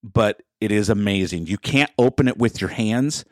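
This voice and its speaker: Animated man telling a rambling story. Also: normal speed, dry recording, studio quality. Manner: animated, rambling, jumps up in pitch when exasperated. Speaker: podcast co-host. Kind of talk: casual storytelling chat.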